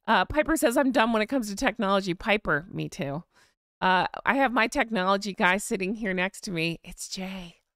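A woman's voice: medium pitch, expressive, normal speed, a bit bright, no echo, studio quality. An American woman hosting a live chat, chatting casually, reading viewer comments and sighing with vocal eye rolls. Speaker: live stream host.

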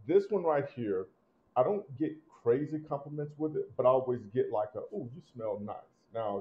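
Male host, low voice, punchy delivery, slightly dull lo-fi sound, casual review. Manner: animated, emphatic, swings between loud punches and low asides.

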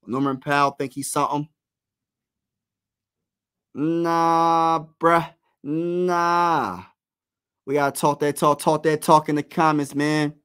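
A man's voice: on the high side, slow pace, pauses often, clean tone. Give me a man hosting a casual live play-by-play stream. He's hyped and slangy, cheering on his team, and he calls out viewers in his chat. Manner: excited partisan, slangy, talks to chat. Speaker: livestream play-by-play host.

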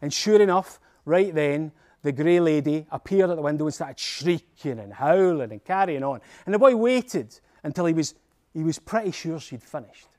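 A Scottish man tells a folktale with playful energy, his fairly high voice rising and falling constantly. He narrates like a seasoned storyteller, carrying the listener along. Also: normal speed. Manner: animated and playful.

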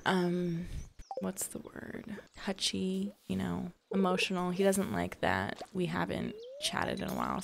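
A woman's voice: medium pitch, gravelly. A young woman chatting casually over a farming game she is playing, rambling and heartfelt as she talks to her viewers. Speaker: gaming video host. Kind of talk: casual gameplay commentary.

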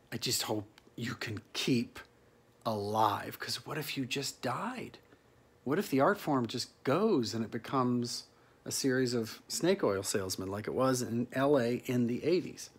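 A man's voice: lowish voice, breathy edge. Earnest pleading man's solo monologue. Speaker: actor.

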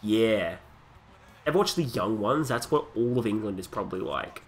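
A young Australian man casually commentating a wrestling video game, joking crudely and breaking into excited wrestling calls. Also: lowish voice, normal speed. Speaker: gaming commentator. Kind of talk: casual let's play commentary.

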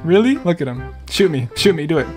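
A young man giving excitable gameplay commentary, laughing and yelling at opponents, with game music and gunfire behind him. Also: on the high side, fairly quick. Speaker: gaming YouTuber.

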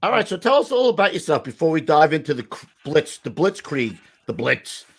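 A male co-host who teases his guest with crude jokes. His pitch is on the high side and jumps around a lot as he talks. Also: big pitch swings, brisk, breathy edge. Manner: crude joking, teasing. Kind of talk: casual chat.

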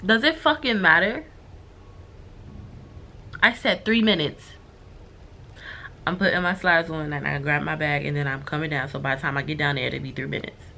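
A woman's voice: low voice, fairly even intonation, a little fast, creaky, pushed and bright, slight background noise. A woman vlogging from her hotel room, venting to her viewers in a frustrated, swearing, casual way.

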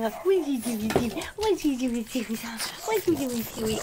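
A woman's voice: a little high, expressive, normal speed, hardly any pauses. A middle-aged woman, a dog breeder, cooing at puppies in a sing-song baby-talk voice, repeating pet words while she films them in a nursery. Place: indoor puppy nursery. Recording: noisy home video.

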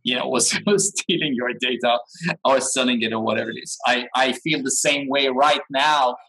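A man's voice: mid-range voice, fairly even intonation, normal speed, bright, forceful tone, slightly rough, poor audio. A man who teaches new media, speaking hesitantly, repeating words as he thinks aloud. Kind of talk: conversational discussion.

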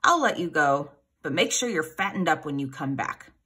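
A woman voicing a greedy, dim-witted male troll who lives under a bridge, snarling and loud. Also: deep voice, animated, moderate pace, breathy edge, heavily acted.

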